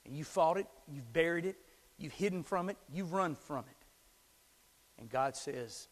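A middle-aged man preaching a sermon as a pastor, swinging from hushed whispers to shouted climaxes. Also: a little high, expressive, measured pace, in a large hall. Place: church sanctuary.

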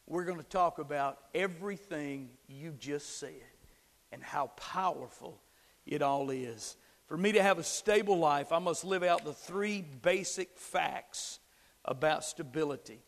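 Male pastor, high voice, dynamic preacher: whispers, then shouts, leads call and response, big hall echo. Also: measured pace, gravelly. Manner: asks the congregation to repeat after him. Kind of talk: sermon. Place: church sanctuary. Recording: long hall reverb.

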